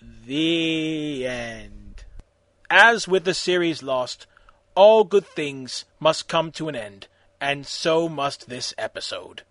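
A man reading a fan-made story aloud, narrating in a lively, wry way. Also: fairly high pitch, slow pace, no echo.

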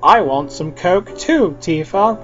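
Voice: medium pitch, lively intonation, slow pace, muffled recording, faint music behind. A podcast reader voicing a gloomy, bloodthirsty man in a comic fan-fiction reading.

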